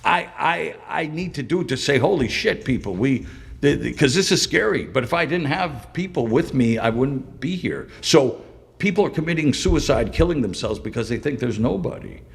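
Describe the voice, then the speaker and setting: A middle-aged man from British Columbia, a podcast guest, telling his story with intense emotion, swinging between loud and hushed. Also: mid-range voice, expressive, moderate pace, gravelly, long reverb tail. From Canada, British Columbia. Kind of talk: candid interview storytelling.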